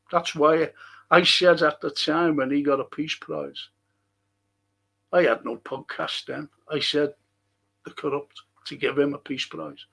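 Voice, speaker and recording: A man's voice: on the high side, gravelly, a bit bright. A man, older, hosting a podcast in casual rambling talk and chuckling through his stories. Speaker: podcast host.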